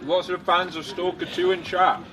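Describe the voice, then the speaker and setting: A man's voice: high-pitched, flat delivery, moderate pace, recorded from a distance, crowd noise, rough recording. A man chatting casually in an upbeat, jokey way. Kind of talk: casual chat.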